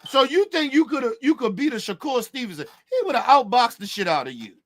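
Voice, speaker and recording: Man, AAVE, high animated voice, brash and profane opinion rant on boxing. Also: brisk. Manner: brash, profane, mocking, emphatic. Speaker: boxing commentator.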